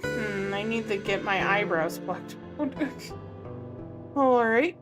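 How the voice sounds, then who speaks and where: A woman's voice: medium pitch, slow pace, loud music behind the voice. A woman streaming a game, reading the dialogue aloud and putting on goofy voices for the characters. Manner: reads every character herself, swinging between goofy put-on voices and her own. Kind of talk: casual let's-play with read-aloud voices.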